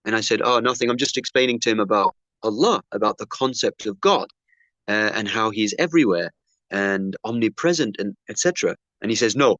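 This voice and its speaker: A man's voice: on the low side, a little fast, no room sound. Man, preacher, storytelling sermon, acts out dialogue, dull dry recording. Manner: animated storyteller acting out dialogue. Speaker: Muslim preacher.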